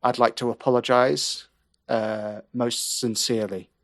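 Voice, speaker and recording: A man's voice: mid-range voice, level tone, a little slow, fairly bright tone. A man who is a podcast guest in casual chat, with dry, wry humor.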